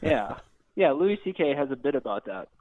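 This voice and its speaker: A man talking as a guest in a casual, relaxed, somewhat hesitant way. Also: mid-range voice, normal speed, no room sound. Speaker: guest, former employee. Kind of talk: casual conversation. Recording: tinny phone-like call audio.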